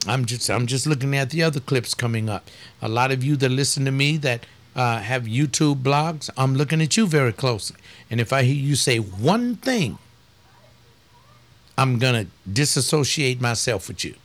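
A male pastor who also hosts talk programs speaks bluntly and folksily, much like casual preaching, in an ordinary middle pitch. He's animated and moves at a moderate pace, pressing hard on key words and drawing them out for emphasis.

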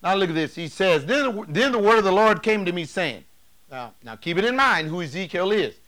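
A man preaching a sermon as pastor, emphatic and rising to loud declarations. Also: high voice, expressive, a little fast. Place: church sanctuary.

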